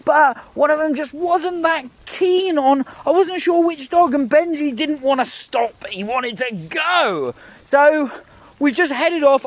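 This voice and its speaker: A man from Scotland with a Glasgow accent, a professional dog walker chatting excitedly to camera outdoors while calling commands to the dogs. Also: very high voice, no echo. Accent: Scottish, Glasgow. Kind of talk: casual vlog narration while walking dogs. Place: outdoors in parks and forest.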